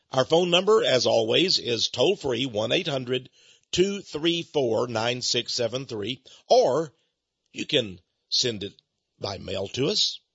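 A man with a Texan accent hosting religious radio talk, booming and prone to impassioned rants. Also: creaky, fairly bright tone, breathy edge, no room sound. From Texas. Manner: booming, gets carried away into impassioned rants. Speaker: radio host. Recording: dull lo-fi radio broadcast.

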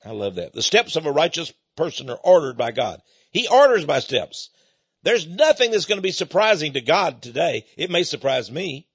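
A man's voice: on the high side, big pitch swings, moderate pace, breathy edge, no echo, lo-fi sound. A man preaching on a radio program in a folksy, plainspoken way, often chuckling as he talks. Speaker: radio minister.

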